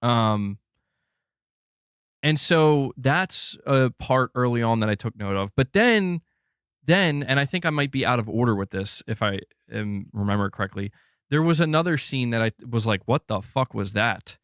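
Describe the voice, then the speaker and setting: A man hosting a casual gaming livestream, excitedly going back over a game he played. He rambles, restarts often and swears freely, at an ordinary male pitch. The sound is close and dry, with no room echo. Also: normal speed, smooth. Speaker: gaming channel host.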